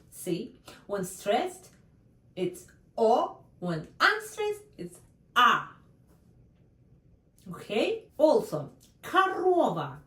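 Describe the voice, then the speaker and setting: A woman with a Russian accent teaching a language lesson, slowly repeating example words and checking in with her students. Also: medium pitch, far from the mic. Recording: roomy echo, a bit off mic.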